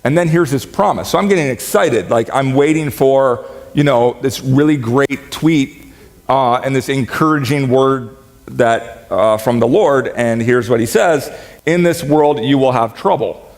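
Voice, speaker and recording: A man preaching from a church stage, his voice ringing on in a long hall reverb. He talks in a chatty, joking way and gets animated whenever he quotes. His pitch sits in the middle of the range. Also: measured pace. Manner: conversational, joking, animated when quoting. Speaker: pastor. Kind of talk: sermon. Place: church sanctuary.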